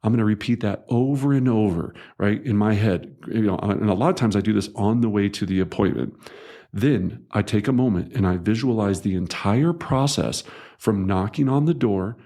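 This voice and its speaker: A man's voice: fairly low pitch, normal speed, mellow. A middle-aged man narrating his own sales training audiobook, conversational and emphatic, sometimes acting out quoted voices. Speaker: real estate coach.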